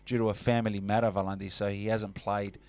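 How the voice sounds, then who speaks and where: A man's voice: on the low side, flat delivery, quick pace, a little mellow. A man co-hosting a casual sports radio show, chatty and matey. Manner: chatty, calls co-host mate.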